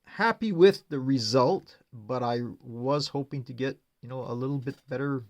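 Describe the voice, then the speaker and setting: A man's voice: mid-range voice, a little mellow. Man walking through a model build. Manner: unhurried, explains step by step, frequent "uh" fillers. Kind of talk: casual build walkthrough.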